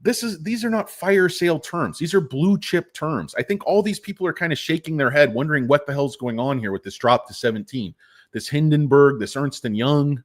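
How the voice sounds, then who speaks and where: Guy rambling about stocks, jokey and sweary, lively up-and-down voice. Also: a little high, fairly quick. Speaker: stock market commentator. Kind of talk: casual market commentary.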